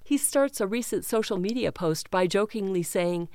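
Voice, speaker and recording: Smooth-voiced woman reading the news. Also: medium pitch, lively intonation, moderate pace, darkish tone, dry recording. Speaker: news reader. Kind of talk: reading a news article aloud.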